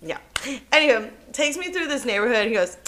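A young woman co-hosting a podcast, telling a story in casual chat, animated and cursing freely, laughing as she goes. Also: a little high, fairly quick. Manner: animated, swears often, laughs through her story. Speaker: podcast co-host.

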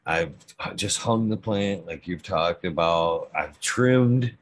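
A man's voice: low-pitched, lively intonation, slow. A middle-aged man talking casually about growing, rambling and stuttering, with frequent swearing. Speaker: cannabis grower guest. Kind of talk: casual podcast conversation.

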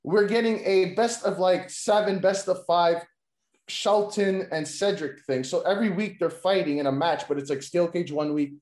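High-voiced rambling man, echoey room. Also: moderate pace, a little mellow. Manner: rambling, heavy "like" fillers, swears freely. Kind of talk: casual chat pitching wrestling storylines. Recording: roomy echo.

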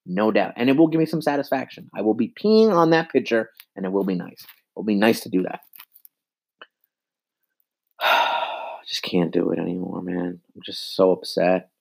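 A man's voice: lowish voice, moderate pace, gravelly, long pauses. A man in his twenties giving an exasperated, profane sports rant into a handheld mic, repeating himself. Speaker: sports fan vlogger.

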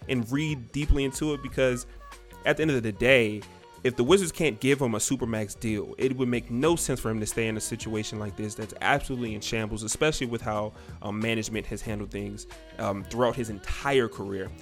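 A man's voice: mid-range voice, fairly quick, faint music behind. A man hosting a podcast, talking sports in a loose, rambling way with lots of fillers. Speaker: podcast host. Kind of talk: casual sports chat.

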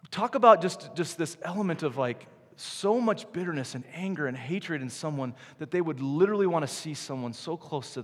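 A man preaching a sermon, animated, swinging between loud emphasis and hushed, slow drops. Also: a little high. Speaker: pastor. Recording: long hall reverb.

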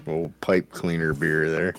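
A man's voice: extremely low pitch, a little hiss or hum. A man co-hosting a casual podcast, trading crude, profane banter and laughing often. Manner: former bar-band musician. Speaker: podcast co-host. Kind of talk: casual chat.

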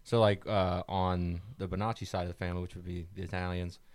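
Male podcast co-host, low voice, dry close studio sound, crude storytelling banter. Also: level tone, fast talker, darkish tone, dry recording. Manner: chatty storyteller, swears freely, laughs often. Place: small studio.

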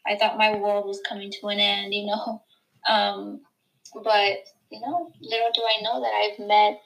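Bright, gravelly young woman guest. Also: mid-range voice, level tone, low-quality recording. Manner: emotional, halting, many fillers. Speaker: podcast guest. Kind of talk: casual chat.

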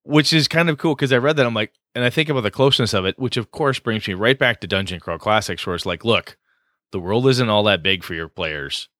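A man chats on a gaming podcast in a low, bright, forward voice. He rambles happily through fillers and restarts. The sound is close and dry. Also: a little fast, no room sound. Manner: rambling, enthusiastic, lots of fillers. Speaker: podcast co-host. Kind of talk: casual podcast chat.

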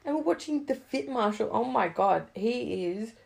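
A young woman, chatting casually, swearing a lot and swinging between loud outbursts and low mutters. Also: animated, normal speed, gravelly. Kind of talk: casual chat.

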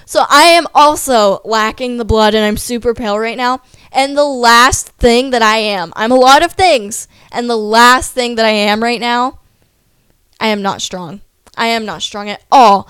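A woman's voice: on the high side, measured pace, a bit bright, clear, resonant tone, no room sound. A young adult woman vlogging in a casual, rambling way, with lots of "like" fillers and self-deprecating asides. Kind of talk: casual chatty vlog.

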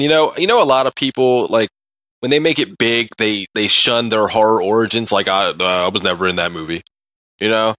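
A man co-hosting a podcast, telling stories in an animated way, laughing often and swearing casually. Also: on the low side, no room sound. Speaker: podcast co-host. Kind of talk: casual chat.

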